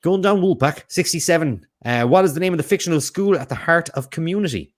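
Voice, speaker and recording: A man's voice: fairly high pitch, lively intonation, fast. A man hosting a casual quiz, reading out questions and answer options and riffing on them with jokes. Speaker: quiz host.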